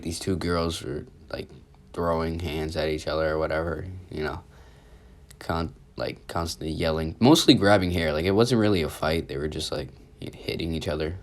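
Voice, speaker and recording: A man with a cold and a sore throat talks through a story in a loose, rambling way. His voice sits very low, and he fills his sentences with casual fillers. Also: steady tone, normal speed. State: sick, sore throat, sniffling. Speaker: youtuber. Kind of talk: storytime vlog.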